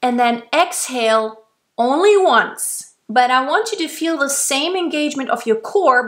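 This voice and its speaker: A woman's voice: high voice, animated, a little slow, fairly bright tone. A woman from Germany, a vocal coach patiently explaining and demonstrating breathing exercises. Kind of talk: instructional explanation.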